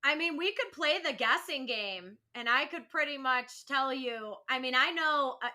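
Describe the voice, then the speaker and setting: A woman's voice: sits high, animated, moderate pace, sharp tone. A woman co-hosting a casual podcast chat, talking candidly, laughing often and swearing freely. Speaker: podcast co-host.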